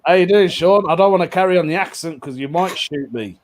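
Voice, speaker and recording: A man's voice: high-pitched, brisk, crowd noise. A man hosts a casual online comedy show. He is chatty and jokey and laughs often between lines. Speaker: host.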